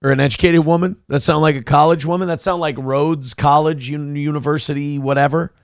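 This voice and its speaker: A man hosting a morning talk show, talking crude and mocking in loose banter. His voice sits fairly high. The studio sound is dry and close. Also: steady tone, brisk, smooth, dry recording. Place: radio studio.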